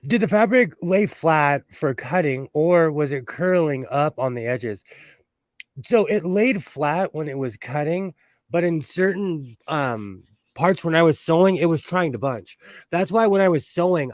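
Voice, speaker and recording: A man's voice: on the high side, no echo, studio quality. A middle-aged man hosting a casual sewing livestream from home, chatty and self-mocking, reading chat questions aloud.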